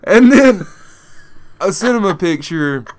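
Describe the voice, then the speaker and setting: A man's voice: sits high, animated, takes it slowly. A man casually telling a crude prank story to a friend, slipping into put-on voices.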